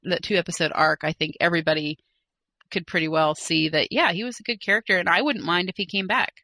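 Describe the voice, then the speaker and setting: Woman podcast co-host, casual and giggly, bright lower voice, dry close mic. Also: fast talker, dry recording. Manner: chatty, giggly, hesitant with fillers. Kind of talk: casual chat, reading listener mail.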